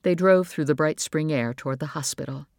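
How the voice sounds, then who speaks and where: A man reading a novel aloud in a measured, even storytelling voice. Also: a little high, vocal fry, dry recording, studio quality. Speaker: audiobook narrator. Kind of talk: scripted narration.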